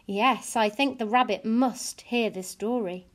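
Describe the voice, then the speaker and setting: A woman voicing a stern, knowing old grandmother who speaks low, slow and ominous. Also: close to an everyday voice.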